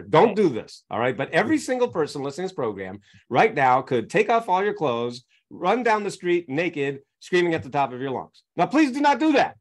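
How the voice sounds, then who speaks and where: A man speaking as a coaching guest on a podcast, explaining his method through examples and constantly checking in with his listeners. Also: on the high side. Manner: teaches through examples, keeps checking in with "right?".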